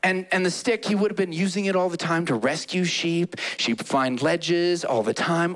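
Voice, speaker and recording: A man preaching a sermon as a pastor in a church, animated, acting out quotes with playful voices. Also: fairly high pitch, moderate pace.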